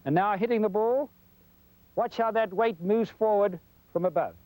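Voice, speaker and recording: In a rough-sounding 1990s TV broadcast, a golf instructor gives a folksy lesson, demonstrating as he talks. His high voice is warm and unhurried, with no room sound.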